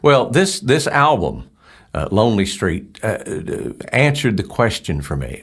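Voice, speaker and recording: Guy hosting a radio chat, lowish voice, really bouncy delivery, gushing over his guests. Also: very animated, measured pace, creaky, breathy edge. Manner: warm, enthusiastic, praises the guests. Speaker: radio interviewer. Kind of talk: casual radio interview.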